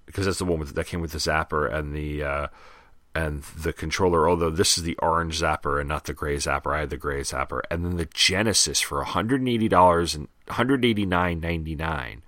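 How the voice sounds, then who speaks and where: Low-voiced guy rambling on his podcast, lots of ums, punchy tone. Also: sharp tone, no room sound, studio quality. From Long Island, New York. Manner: rambling, conversational, frequent fillers. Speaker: podcast host. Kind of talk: casual solo podcast commentary.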